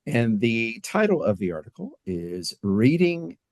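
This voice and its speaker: A man co-hosting a podcast in casual chat, talking in a halting way with many fillers. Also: medium pitch, sing-song, darkish tone, dry recording. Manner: halting, filler-heavy delivery. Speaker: podcast co-host.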